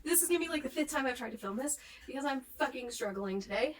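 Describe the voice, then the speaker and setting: A woman's voice: high voice, lively intonation, quick pace, distant mic. A young woman ranting in a book vlog at home, rambling and swearing, worn out after a day of crying. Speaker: book vlogger. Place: home, with pets nearby.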